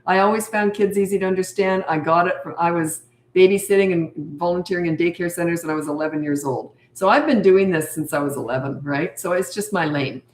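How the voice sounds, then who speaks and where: A parenting coach streaming live, this older woman has a lowish voice and talks a little fast, answering viewer questions in a chatty, emphatic way that drives her main points home. There's a clear echo and a little hiss or hum.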